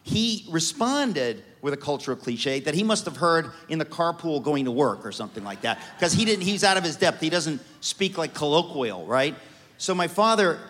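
A middle-aged man from New York telling funny family stories on stage, animated and comic, often restarting his sentences. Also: a little high, normal speed. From New York, USA. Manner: animated, comic, self-interrupting. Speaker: guest speaker. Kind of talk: storytelling on stage. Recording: reverberant hall.

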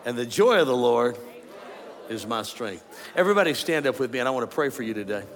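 A man preaching a sermon to a congregation, animated and joking with the crowd. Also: medium pitch, fast, slight background noise. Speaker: pastor. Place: large church auditorium. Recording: long hall reverb, faint ambience.

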